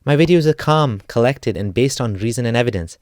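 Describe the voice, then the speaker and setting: A man's voice: medium pitch, lively intonation, brisk, a little mellow, no room sound, clean studio sound. A man delivering a sarcastic, point-by-point rebuttal in a scripted video monologue. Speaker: ex-Muslim YouTuber. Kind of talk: argumentative response monologue.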